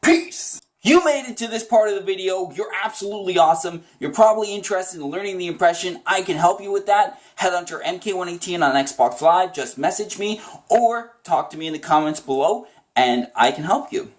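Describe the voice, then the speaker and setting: A man's voice: high voice, brisk, hardly any pauses, echoey room. A man giving a casual, chatty tutorial on doing a cartoon voice, enthusiastic and rambling. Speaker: voice impression tutor.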